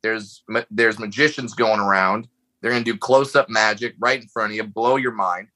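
A man's voice: lowish voice, steady tone, normal speed, sharp tone, rough recording. A man chatting as a comedy guest on a podcast, enthusiastic and stumbling over repeated restarts. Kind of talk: casual chat.

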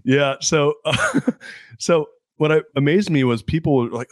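A man hosts the podcast in an easygoing, excitable way, with frequent slang and swearing. His pitch moves a lot, and his voice sounds dry and close. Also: measured pace, no echo. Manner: casual, enthusiastic, swears, says "dude". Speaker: podcast host and author. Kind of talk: casual podcast conversation.

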